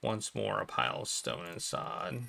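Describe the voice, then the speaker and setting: A man's voice: deep voice, big pitch swings, a little slow, vocal fry, sharp tone. A man reading a game's story text aloud as a let's play host, with dramatic voiced reactions.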